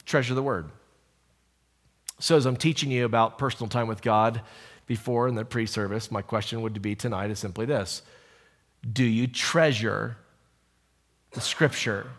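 A middle-aged man preaching a sermon, telling stories and moving from hushed asides to emphatic calls. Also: medium pitch, normal speed, pauses often, big-room sound. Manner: storytelling, shifts from hushed to emphatic.

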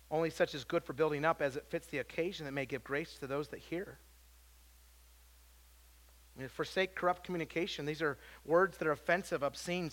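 A man preaching a sermon, swinging from loud emphasis to quiet, low lines and often restarting his words. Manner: self-interrupting with repeated words. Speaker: pastor.

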